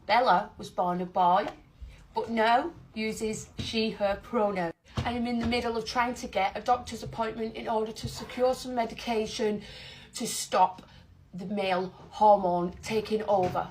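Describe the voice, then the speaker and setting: A woman's voice: medium pitch, fairly even intonation, moderate pace. Earnest woman in a noisy clip. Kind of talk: social media video monologue.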